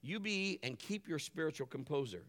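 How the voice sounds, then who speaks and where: A middle-aged man preaching a sermon as pastor, animated, acting out his family's voices and dropping to a hush for calm moments. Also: fairly high pitch, moderate pace. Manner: drops to a hushed voice for calm moments.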